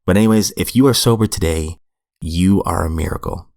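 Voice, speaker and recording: A man with a low, rough, gravelly voice that sounds hoarse, talking as a podcast host in a plain, conversational way. He reads passages aloud, then reflects on them earnestly, and the sound is close and dry. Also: a little fast, darkish tone, no room sound. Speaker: podcast host reading recovery literature. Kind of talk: reflective solo podcast commentary.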